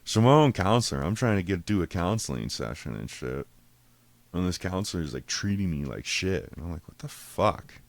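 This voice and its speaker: A man's voice: sits low, moderate pace, gravelly. A man hosting a podcast, telling a story casually and full of swearing, acting out the quotes of each person. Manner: profane, animated retelling, acts out quotes. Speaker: podcast host.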